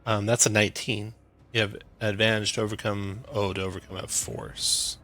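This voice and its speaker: A man's voice: on the low side, little pitch movement, normal speed, sharp tone. A man running a tabletop game as game master, calling turns with easygoing fillers over a voice call.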